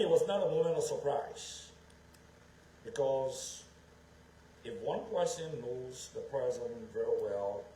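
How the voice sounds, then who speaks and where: A man's voice: medium pitch, dark tone, slight background noise. A man delivers an emphatic political speech, often repeating a phrase before driving it home. His voice sits in a middle register. It rings through an echoey room with faint ambience behind it. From Liberia. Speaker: political speaker. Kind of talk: public speech.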